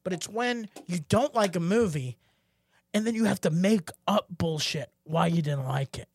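A man's voice: sits high, moderate pace, a little mellow, breathy edge, no echo, clean studio sound. Heated, storytelling podcast co-host man. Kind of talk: casual chat.

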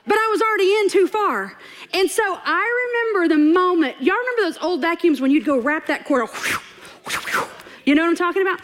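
A preacher with an extremely high voice speaks at normal speed from a church stage before a congregation. She tells a funny personal story in her sermon, laughing as she goes and animatedly acting out the voices.

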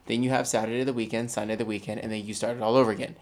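A man's voice: fairly low pitch, level tone, rapid-fire. A man co-hosting a casual chat, opinionated and rambling with lots of restarts. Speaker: podcast co-host.

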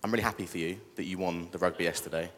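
Chatty young British preacher, echoey hall. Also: male voice, deep voice, fairly even intonation, very fast, a bit bright. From Britain. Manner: chatty, joking with the congregation. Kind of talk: casual church sermon.

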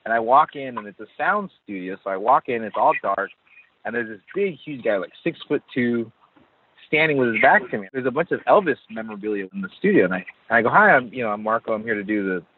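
A man guesting on an interview, a comic artist who tells stories in an animated way and laughs often. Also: mid-range voice, breathy edge. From Southern California. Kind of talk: casual interview chat. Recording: tinny phone-line audio, dry.

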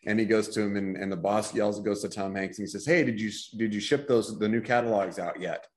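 A man in a casual panel discussion, telling an animated story and acting out the dialogue. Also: fairly low pitch, brisk.

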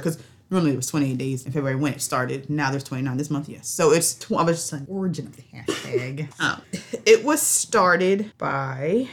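Low-voiced chatty woman podcaster. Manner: chatty, laughs often, trails off with fillers. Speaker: podcast co-host. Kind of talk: casual chat.

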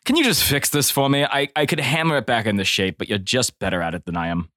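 A man banters with his tabletop group in a close, dry recording. He jokes freely and slips into a low, quiet in-character voice now and then. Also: quick pace, no echo. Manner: joking, animated, drops low and quiet in character. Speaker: player. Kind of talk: tabletop role-play banter.

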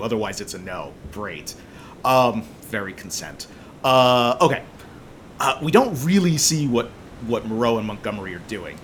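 A man's voice: mid-range voice, a bit bright, slight background noise. A man hosting a podcast, recapping a movie in a casual, sarcastic, joking way with frequent swearing. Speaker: podcast host.

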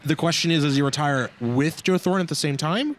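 A man hosting a casual hockey podcast, telling animated, jokey stories to his co-hosts. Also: a little high, fairly quick, slight background noise. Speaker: podcast host. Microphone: desk mic on broken stand.

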